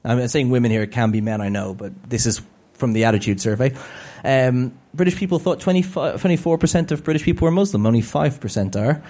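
Man, public talk, sardonic joking asides, mellow tone, mid-pitched. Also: fast. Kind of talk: humorous public lecture.

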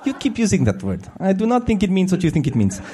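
A man's voice: high-pitched, wildly swooping pitch, quick pace, background noise, voice pushed up. A man playing a vengeful Spanish swordsman from a film, in a put-on Spanish accent with a raised, theatrical voice. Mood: solemn.

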